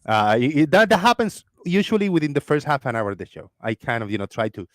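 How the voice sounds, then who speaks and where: An excitable man with a Floridian accent hosts a casual live stream. He rambles and restarts his sentences, and his voice sits close and dry on the mic with no room sound. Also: mid-range voice, fast talker, dry recording. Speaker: host of a live call-in discussion.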